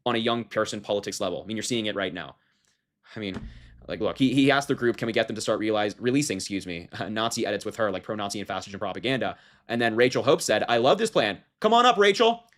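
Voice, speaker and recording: A man's voice: fairly low pitch, animated, fast. A man reading a news story aloud and commenting on it with indignant, sarcastic emphasis. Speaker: political commentator.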